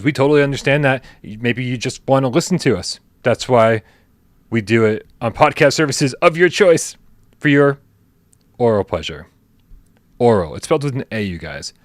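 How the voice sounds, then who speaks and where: A man co-hosting a live gaming show, his pitch swinging up and down as he jokes around. The sound is dry and close, with no room around it. He often lets his lines trail off into a mumble. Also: no room sound. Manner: jokey, animated, trails off into mumbles. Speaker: podcast co-host. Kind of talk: casual live-stream banter.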